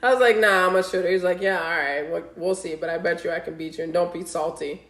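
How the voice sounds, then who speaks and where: Animated woman telling dating stories, roomy sound. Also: lowish voice, fast. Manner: animated storytelling, acting out quoted texts, heavy swearing. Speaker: podcast co-host. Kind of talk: casual podcast chat. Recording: roomy echo.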